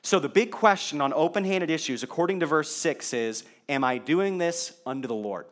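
A man's voice: a little high, expressive, normal speed. A male pastor preaching a sermon in a conversational way, asking the congregation rhetorical questions.

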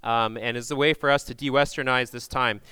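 Bright-voiced man directing a crowd. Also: mid-range voice, fairly even intonation, a little fast, smooth, dry recording. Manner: checks in with frequent "okay?"; projects loudly into a microphone. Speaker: leader of a group Passover meal demonstration. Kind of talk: giving instructions to a crowd. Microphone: handheld or stand microphone.

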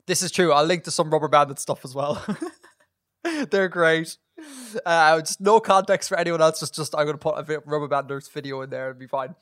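Irish male podcast co-host, fairly high voice, lively and laughing, dry close sound. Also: a little fast, dry recording. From northwest of Ireland. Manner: lively, laughs easily, explains for listeners. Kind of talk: casual chat.

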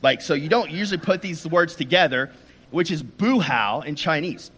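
A man delivers a sermon in a church room, slipping into a personal story before moving into scripture. His voice sits a bit higher than most men's, and he talks in a relaxed, conversational way. He often restarts his sentences. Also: normal speed, a little hiss or hum. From United States. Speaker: preacher.

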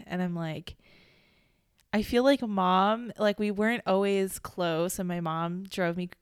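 A woman's voice: lowish voice, clear, resonant tone, no echo, clean studio sound. A young woman from the Chicago suburbs, co-hosting a podcast and reflecting on her family in casual chat, with hesitant restarts. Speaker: podcast co-host.

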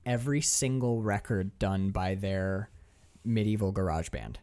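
A woman co-hosting a podcast in casual chat, animated, laughing often and mimicking voices. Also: extremely low pitch, a little slow. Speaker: podcast co-host.

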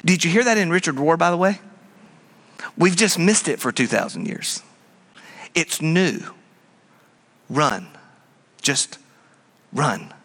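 A middle-aged male pastor preaching a sermon in an animated way, dropping now and then to a low hush and putting on mocking high voices.

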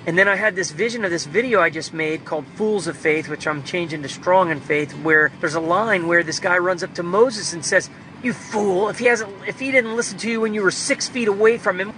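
A man's voice: high-pitched, pushed and bright, slight background noise, rough recording. A man talking in an earnest, fervent, rambling way as he shares personal devotional reflections in a vlog. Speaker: believer sharing devotional reflections. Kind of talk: personal faith vlog monologue.

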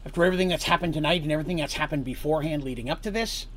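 Husky man narrating a tabletop story. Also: on the high side, very fast, fairly bright tone. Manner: casual, explanatory narration with asides.

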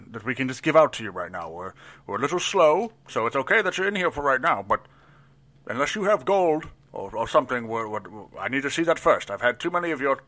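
A man's voice: mid-range voice, sharp tone. A man playing a nervous, overweight male elf barkeep who stammers and gets flustered.

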